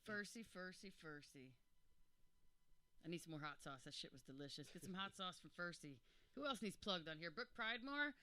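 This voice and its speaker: A man's voice: high-pitched, expressive, fast, sharp tone, clean tone, dry recording. A man in his forties, overwhelmed and joking, rambling through thank-yous to friends at his birthday roast. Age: 40s. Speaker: birthday roast guest of honor.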